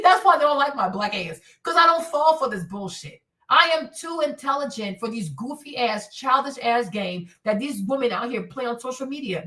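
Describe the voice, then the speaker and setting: A woman's voice: fairly high pitch, a bit bright. A woman giving blunt, sarcastic commentary, scolding her subject and swearing freely. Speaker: online commentator. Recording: roomy echo, voice from far off.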